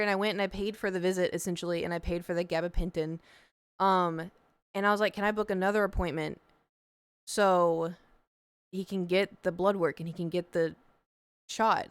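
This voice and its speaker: Chatty young woman with a smooth voice. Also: mid-range voice, dry recording. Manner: chatty, animated retelling with quoted dialogue. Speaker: streamer. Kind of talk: casual storytelling on a livestream.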